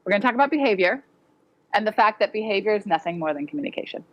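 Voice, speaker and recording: Clear-spoken woman presenting at a conference. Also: medium pitch, animated, racing, dull audio. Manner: direct, practical, acts out quoted voices. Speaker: educator presenting. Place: conference hall with audience.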